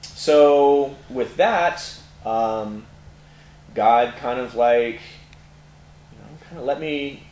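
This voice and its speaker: A middle-aged Californian tattoo parlor owner speaks very slowly, with long pauses, in a mid-range, darkish voice. In an interview he candidly tells his life story as personal testimony, full of fillers, recorded in an echoey room with faint noise.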